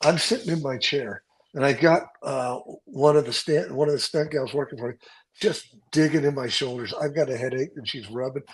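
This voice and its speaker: A stunt coordinator trades behind-the-scenes stories in casual chat, animated and swearing freely as he acts out quotes. His husky, mid-range voice runs a little fast, and the recording quality is low.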